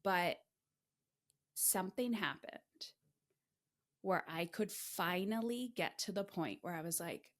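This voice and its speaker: A woman in middle age hosts a podcast and tells her own story with candid, emphatic energy. Her voice sits a little low, and she swears freely as she tells it. She sounds animated and unfiltered. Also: slow, pauses often. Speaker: podcast host.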